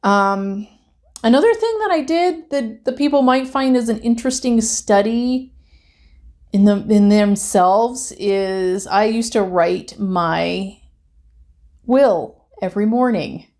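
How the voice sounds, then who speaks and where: A woman's voice: on the high side, expressive, takes it slowly, darkish tone. A woman reviewing a reality TV episode in a casual, chatty way. She grows emphatic and heated as she rants.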